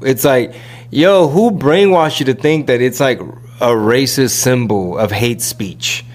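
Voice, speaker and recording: Slangy rambling man chatting casually. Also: medium pitch. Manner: rambling, slangy, mimics people in quick asides. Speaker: podcast host. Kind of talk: casual chat.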